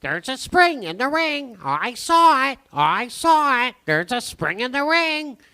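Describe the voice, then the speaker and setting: A shrill, bright squawking parrot, as a comedian puts it on, swooping wildly in pitch and dragging out its accusations in a clear, ringing voice. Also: male voice, big pitch swings, slow, full character voice. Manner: shrill squawking, repeats itself. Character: squawking tattletale male parrot.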